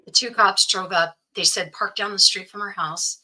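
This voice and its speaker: This woman, a guest in an interview, relates a personal experience earnestly and repeats others' words to her as she goes. Her mid-range voice is steady and sharp, at a moderate pace, on a low-quality recording.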